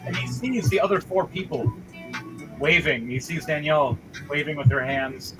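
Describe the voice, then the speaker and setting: A man's voice: on the high side, normal speed, rough recording. A man narrating a tabletop game as dungeon master, vivid and rambling, with restarts. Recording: music playing behind.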